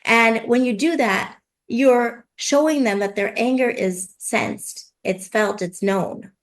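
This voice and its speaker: A woman parenting coach explaining advice in conversation, lively, often acting out what parents and kids say. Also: on the high side, slow. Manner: animated, acts out parent and child voices.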